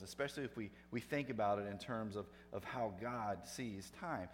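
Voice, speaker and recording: A pastor giving a sermon, conversational, with emphatic rising bursts for effect. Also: male voice, fairly low pitch, normal speed, few pauses. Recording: long hall reverb, faint hum.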